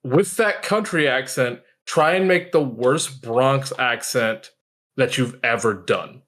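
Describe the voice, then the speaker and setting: A man's voice: medium pitch, slow pace, fairly bright tone. A man co-hosting a podcast, chatting casually and playfully, explaining things step by step. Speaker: podcast co-host. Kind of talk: casual group discussion.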